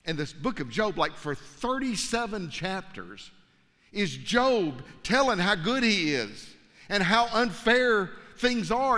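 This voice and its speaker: A man preaching a sermon, telling a story with animated energy and stumbling repeats. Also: high voice, a little slow. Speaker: pastor. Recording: long hall reverb.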